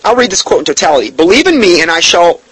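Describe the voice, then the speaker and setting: A man teaching a Bible study, reading quotes slowly and emphatically, with indignant, sarcastic asides. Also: sits high, very animated, fairly bright tone, breathy edge, rough recording. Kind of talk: recorded Bible study lesson.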